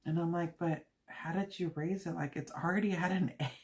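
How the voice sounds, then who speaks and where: Woman, livestream host, casual cooking chat, giggly, lots of fillers, lowish voice. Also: fairly even intonation, fairly quick, a little mellow. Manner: chatty and giggly, full of fillers and quoted asides.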